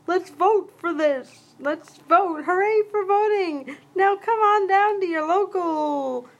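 A woman putting on an overexcited retail ad announcer with a folksy put-on drawl, pitching sales slowly and loudly. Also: highs cut off, full character voice. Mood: hyped. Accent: put-on Southern-style drawl. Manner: hyped, drawn-out sales pitch.

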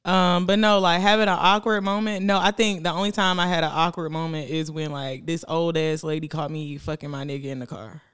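A young woman trades stories on a casual podcast, her voice smooth and clear. She tells them in an animated way, jumping up in pitch to act out her friends, and laughs often. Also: a little fast, few pauses. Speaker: podcast co-host. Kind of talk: casual explicit chat.

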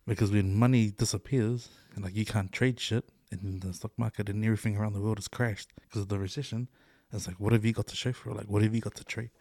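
A middle-aged New Zealand man talks in a fairly low voice, loose and chatty, swearing and laughing as he goes. The sound is dry and close, with no room around it. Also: fairly even intonation, quick pace, few pauses, mellow, no room sound. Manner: loose, swears a lot, laughs often, fillers like "eh" and "bro". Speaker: podcast co-host. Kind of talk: casual chat.

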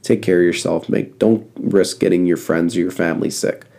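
A man hosting a casual solo podcast, congested and coughing, rambling in a flat monotone with lots of fillers, close to the mic. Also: deep voice, fairly quick, gravelly. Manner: rambling, repeats advice with fillers. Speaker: podcast host.

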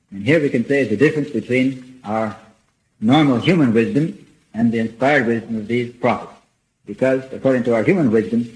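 A man delivers a religious lecture in a steady, earnest voice, reading from prepared notes. His pitch sits in an ordinary middle range. He pauses now and then to clear his throat before the next passage. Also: poor audio. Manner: measured and earnest, reads quotations aloud.

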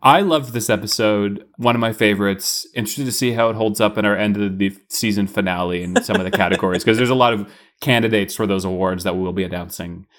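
A man's voice: lowish voice, fairly even intonation, fast talker, fairly bright tone. A young man co-hosting a podcast, chatting casually in an enthusiastic, rambling way. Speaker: podcast co-host. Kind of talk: casual chat.

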